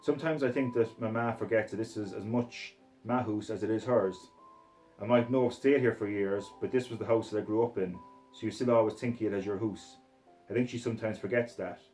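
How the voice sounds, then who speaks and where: A man's voice: lowish voice, fairly even intonation, a little fast, a little mellow, soft background music, poor audio. A man with a Scottish accent reading a gritty novel aloud in a coarse, swearing first-person voice. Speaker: reader.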